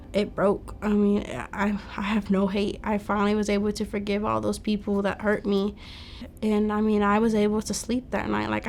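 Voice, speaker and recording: Young adult woman, even-toned, chatty personal testimony. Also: medium pitch, vocal fry, slight background noise. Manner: casual storytelling, quotes herself, fillers like "like". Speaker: testimony speaker.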